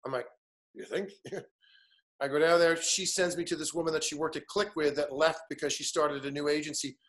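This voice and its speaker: A man's voice: fairly high pitch, fairly even intonation, a little fast, fairly bright tone. A man in his fifties, a guest in casual conversation, telling an anecdote animatedly and acting out the other people in it. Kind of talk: casual storytelling chat.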